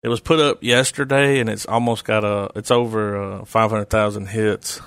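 A man's voice: on the low side, flat delivery, normal speed, a bit bright, clean tone, no room sound, studio quality. A man hosting a casual podcast, rambling loosely and swearing as he talks. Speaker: podcast host. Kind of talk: casual chat.

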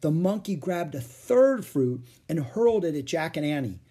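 A man reading a children's chapter book aloud as a storyteller, with expressive, animated delivery. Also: fairly high pitch, normal speed, slightly rough.

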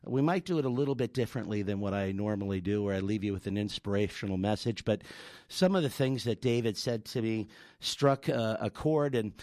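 A man hosting a radio talk show, speaking haltingly with fillers and restarts as he thanks his guest and the audience. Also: fairly low pitch, a little mellow, dry recording, clean studio sound. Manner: halting, with many fillers and restarts, then telling a story.

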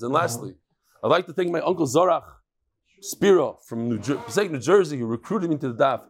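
A rabbi teaching a casual daily Talmud lesson, hoarse from a cold, chatting with quick asides to the people in the room. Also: male voice, a little high, expressive.

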